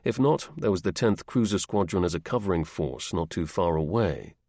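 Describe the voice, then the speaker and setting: A man reading a history audiobook in a measured, steady narrating voice. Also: low-pitched, no room sound, clean studio sound. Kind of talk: scripted narration.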